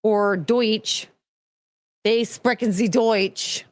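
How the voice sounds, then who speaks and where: A woman's voice: medium pitch, steady tone, very slow, no room sound, clean studio sound. A young woman hosting a casual commentary stream, rambling and swearing, slipping into mocking voices when she quotes people. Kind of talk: casual rambling livestream chat.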